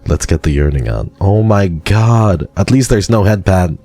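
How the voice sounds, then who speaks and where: A man with an extremely low voice, a gravelly fry under his words and a dark, mellow tone chats with his live-stream viewers. He teases them playfully and keeps thanking them, while faint music plays underneath. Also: expressive, moderate pace. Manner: playful and teasing, with frequent thank-yous to viewers. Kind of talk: casual live-stream chat, reading and answering chat.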